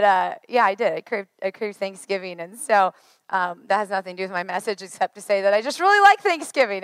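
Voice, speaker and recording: A woman's voice: fairly high pitch, clear, resonant tone, dry recording. Chatty woman preacher, a bit worn. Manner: chatty, joking, lively asides. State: worn, slightly hoarse voice. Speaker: pastor. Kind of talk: sermon.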